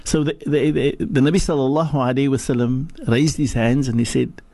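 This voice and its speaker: Husky-voiced preaching man on radio. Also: steady tone, a little fast, dark tone, no echo. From South Africa. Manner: preaching, emphatic, swings from low to high. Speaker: sheikh giving religious teaching. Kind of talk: radio religious talk. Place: radio studio.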